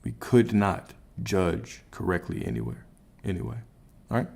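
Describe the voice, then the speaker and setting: A man's voice: sits low, sing-song, unhurried, gravelly, a little mellow, breathy edge. A man giving a motivational spiritual coaching talk on a livestream, emphatic and repetitive, often checking in with "right?".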